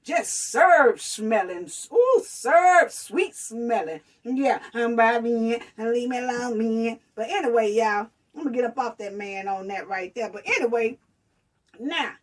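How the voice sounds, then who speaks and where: A woman's voice: on the high side, far from the mic. A woman giving sassy casual reaction commentary as a vlogger, calling her viewers honey and baby.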